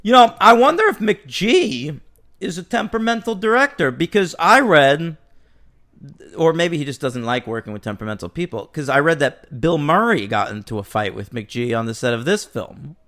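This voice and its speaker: A man's voice: on the high side, big pitch swings, normal speed, a bit bright. A man chatting casually and joking as host of a film podcast. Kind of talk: casual chat.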